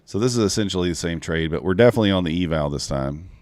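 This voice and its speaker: A man's voice: low voice, expressive, racing, a little mellow, no room sound. A man chatting casually to viewers while trading futures live, talking them through each move. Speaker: live-streaming futures trader. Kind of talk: casual live-stream commentary.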